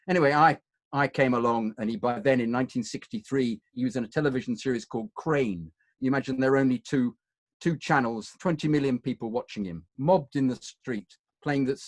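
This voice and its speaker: A man's voice: mid-range voice, dry recording. An English man with an upper-class accent, an actor reminiscing in a digressive, anecdotal way. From England. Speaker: actor, guest. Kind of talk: conversational reminiscing.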